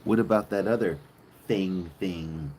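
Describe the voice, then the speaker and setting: A man's voice: low voice, unhurried, noisy background. A man hosting a live stream outdoors on a farm, chatting casually with viewers and telling crude, joking, rambling stories. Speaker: livestream host. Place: outdoors on a farm with cows nearby.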